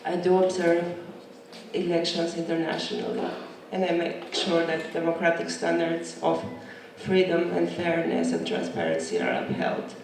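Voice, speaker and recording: Congested woman from Albania, native Albanian, upbeat formal speech, gravelly, very echoey hall from far off. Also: fairly low pitch, moderate pace, darkish tone, a little hiss or hum. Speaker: city council candidate. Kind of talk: candidate forum speech. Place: community meeting hall.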